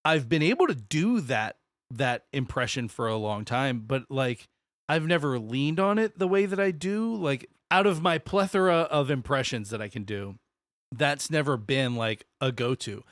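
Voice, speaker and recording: A man's voice: mid-range voice, expressive, moderate pace, fairly bright tone, dry recording, clean studio sound. A man raised in the American South co-hosting a podcast, rambling and swearing casually. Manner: rambling, swears, self-correcting. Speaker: podcast co-host. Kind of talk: casual chat.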